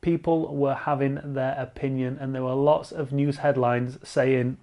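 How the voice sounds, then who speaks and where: A man hosting a cycling channel, giving animated, sarcastic vlog commentary. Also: medium pitch, a little slow, hardly any pauses. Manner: lively and sarcastic, mocks other voices.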